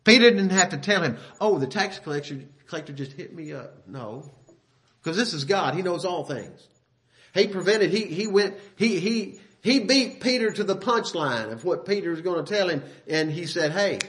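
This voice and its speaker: A man preaching a sermon, his voice sitting a little higher than most men's. He talks in a folksy, conversational way, reads King James verses aloud with emphasis, and stops now and then to correct himself. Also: expressive, normal speed, a bit bright.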